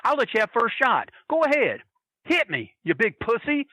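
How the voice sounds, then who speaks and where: A man voicing a huge, enraged male wrestler who shouts menacing taunts at a frozen fan. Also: very high voice, huge pitch swings, normal speed, dry recording, voice pushed up, heavily acted.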